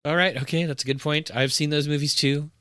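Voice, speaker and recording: A man's voice: a little high, fairly even intonation, fairly quick, pushed and bright, clean tone, no echo. Laid-back guy cohost, teases his buddy, lots of uh-huhs, dry mic. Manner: easygoing, teasing, many affirming uh-huhs. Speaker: podcast co-host. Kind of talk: casual chat.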